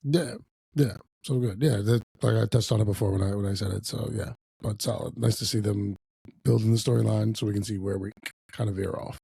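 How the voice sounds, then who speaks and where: A young man co-hosting a podcast, recapping wrestling in casual chat, fast and animated, acting out wrestlers' lines. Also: lowish voice, creaky, husky, no echo. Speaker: podcast co-host.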